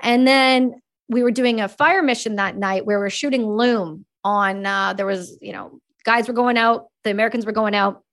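A woman from Canada in her thirties, telling her story as a podcast guest. She is candid and profane and talks quickly, with a voice that sits a little high. She slips into voicing the people in her stories. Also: fairly bright tone. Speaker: podcast guest, army veteran. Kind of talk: casual storytelling.

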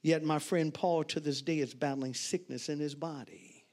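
High-voiced storytelling preacher man. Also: moderate pace. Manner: storytelling preacher, loud animated exclamations. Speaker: pastor. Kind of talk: sermon.

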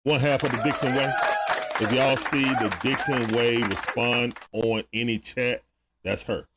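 A man's voice: medium pitch, fairly even intonation, measured pace, fairly bright tone, slight background noise. A man hosting a live sports watch party stream, talking casually with viewers through a sore throat and greeting them one by one with laid-back slang.

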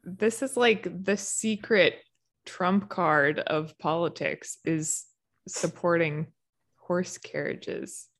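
Slow-talking woman, giggly wry co-host. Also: fairly low pitch, fairly bright tone. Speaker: podcast co-host. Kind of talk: casual chat.

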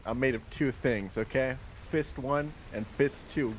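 A man playing a tabletop game, speaking in character with brash, taunting shouts. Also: mid-range voice, unhurried, slight background noise. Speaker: player. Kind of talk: in-character tabletop role-play.

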